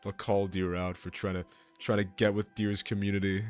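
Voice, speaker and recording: A male streamer chatting casually, excitable and swearing, laughing often and tripping over his words. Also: on the low side, normal speed, faint music behind. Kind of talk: casual chat on a live stream.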